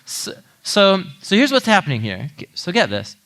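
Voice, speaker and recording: A man pastor giving a conversational sermon, telling a story with animated asides to the audience. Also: high voice, normal speed.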